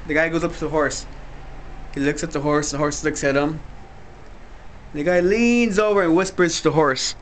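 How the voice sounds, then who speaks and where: A man's voice: a little high, animated, normal speed, pauses often, a bit bright, slight background noise. A young man telling a joke casually, rambling and self-amused, with offhand asides. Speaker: amateur joke teller.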